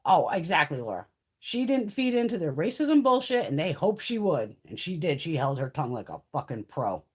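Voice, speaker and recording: A woman in her fifties chatting casually on a live stream, blunt, profane and animated. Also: sits low, normal speed, husky. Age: 50s. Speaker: beauty livestream host.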